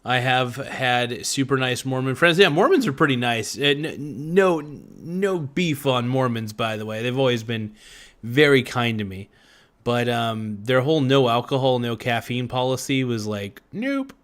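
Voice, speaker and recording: A man with a mid-range voice hosts a livestream podcast at an unhurried pace, eating as he reads out his live chat. His casual talk rambles, full of profanity and fillers.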